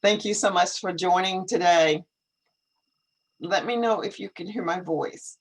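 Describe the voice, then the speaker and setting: Speaking in an unhurried, husky mid-range voice, an English teacher hosts a laid-back live stream through a computer video call. The recording is low quality, and he muses aloud and asks questions twice as he sorts out his setup.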